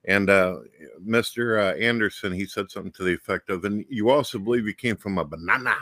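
A man with a low, bright and forceful voice, chatting as host of an online show. He tells his stories with a boastful swagger. The sound is dry and close. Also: fairly quick, no echo. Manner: boastful, storytelling. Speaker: podcast host. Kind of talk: casual chat.

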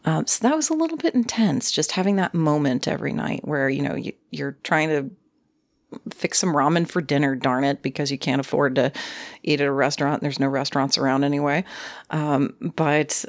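A woman casually telling a ghost story from her youth, lively and acting out creaking sounds and other people's voices. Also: low voice, brisk, no echo, clean studio sound. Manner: animated, acts out creaks and quoted voices.

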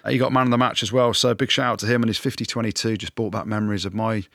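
Low-voiced man, animated podcast banter. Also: very fast, dry recording, clean studio sound. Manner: animated, jokey, punchy verdicts. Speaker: rugby podcast co-host. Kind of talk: casual sports banter.

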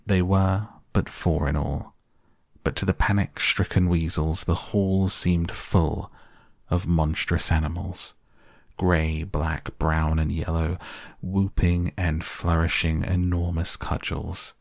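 A man reading a classic storybook softly as a bedtime audiobook, slow and even. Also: low voice, vocal fry, no room sound, clean studio sound.

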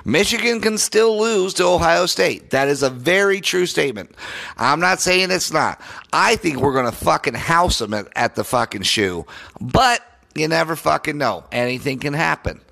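A man's voice: fairly high pitch, animated, normal speed, creaky, bright, forceful tone. A man hosting a solo sports podcast, ranting in a heated, profane and sarcastic way.

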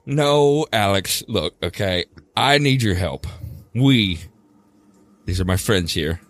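A man's voice: on the low side, expressive, slow, no echo. A man playing his character in a tabletop game, wheedling and playful, chuckling as he talks. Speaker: player.

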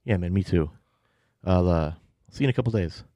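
A man's voice: low voice, expressive, a little fast, dark tone, no echo, studio quality. A man voicing a friendly brother on a phone call, easygoing and welcoming.

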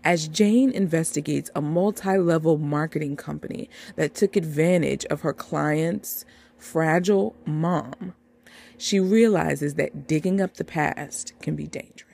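A podcast host talks through upcoming TV movies in a relaxed, unhurried way, leaning on wry, dramatic asides. The voice has a gravelly, creaky edge, and the host keeps speaking straight to the listeners as y'all. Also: mid-range voice. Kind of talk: casual chat, reading announcements.

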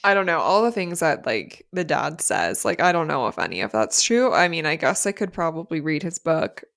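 A woman podcast co-host recaps scenes in relaxed, casual chat. Her voice sits a little low and has plenty of gravelly fry. She leans on "um" and "like" and swears now and then. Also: normal speed. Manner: casual, swears, many fillers.

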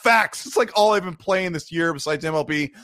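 A man's voice: on the high side, brisk, dry recording, studio quality. Man hosting a gaming livestream. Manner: laughing, animated storytelling. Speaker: podcast host reading viewer messages. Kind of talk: casual livestream chat.

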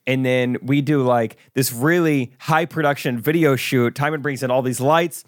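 Man, podcast co-host, relaxed banter, mid-pitched voice, casual. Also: normal speed. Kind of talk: casual chat.

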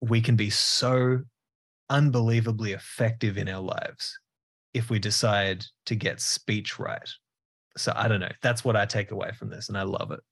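Earnest, low-voiced man host. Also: fairly even intonation, moderate pace, vocal fry, a bit bright, breathy edge. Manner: earnest, effusive, with repeated restarts. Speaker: podcast host. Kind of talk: conversational podcast discussion.

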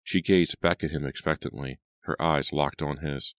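A man narrating a horror audiobook in a measured storytelling manner. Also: rumbling low, steady tone, dry recording. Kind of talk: scripted narration. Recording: dry close studio sound.

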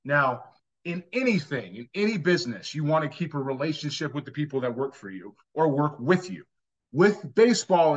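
A man's voice: a little high, fairly bright tone. A man co-hosting a sports podcast, ranting emphatically and with exasperation, restarting his sentences often. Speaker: podcast co-host. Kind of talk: casual sports podcast talk. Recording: dull lo-fi audio.

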